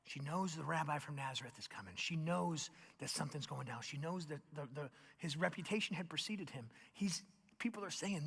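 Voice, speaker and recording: A young man preaching a sermon, telling the story in a lively, animated way and acting out the voices of its people. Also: on the high side, vocal fry, breathy edge. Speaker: pastor. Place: large church hall. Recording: long hall reverb.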